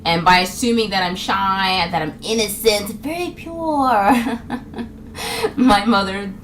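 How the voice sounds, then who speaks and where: A woman's voice: medium pitch, a little slow, fairly bright tone, a little hiss or hum. A young woman from New York, a vlogger, talking to camera in a casual comedic monologue, chatty and often laughing. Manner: chatty, laughs a lot, acts out other people's lines.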